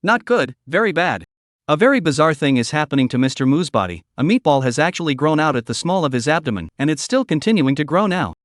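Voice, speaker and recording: A man's voice: a little high, big pitch swings, fast talker, dry recording, clean studio sound. A text-to-speech male voice reading the lines of a fretful old alchemist elder who repeats himself in alarm, in a story recap. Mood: worried.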